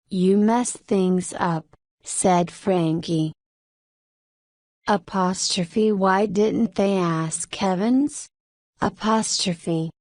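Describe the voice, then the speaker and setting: A woman reading a mystery story aloud in a measured way, voicing both narration and dialogue. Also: medium pitch, dark tone, no echo, studio quality. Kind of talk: scripted story reading for English learners.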